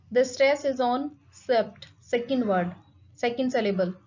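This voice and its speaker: A woman giving a phonetics lecture, slowly repeating each example word. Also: a little high, a little mellow. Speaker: English teacher. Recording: dull lo-fi recording.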